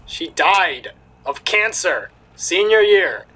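A man reading the lines of a bitter, sardonic young adult female crocodile from a game, in a flat, cutting, quiet delivery. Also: high voice, takes it slowly, breathy edge, heavily acted, rough recording. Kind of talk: reading game dialogue aloud.

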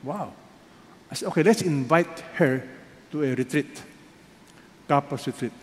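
Filipino pastor preaching in an echoey hall. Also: male voice, fairly high pitch, measured pace. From Philippines. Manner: preaches with many rhetorical questions, swinging between loud emphasis and hushed asides. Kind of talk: sermon. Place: large church hall. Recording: echoey hall, faint background noise.

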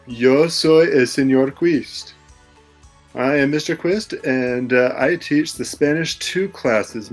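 Spanish teacher guy, easygoing and friendly, a bit halting, normal middle voice. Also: mid-range voice, a little mellow. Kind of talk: casual award presentation.

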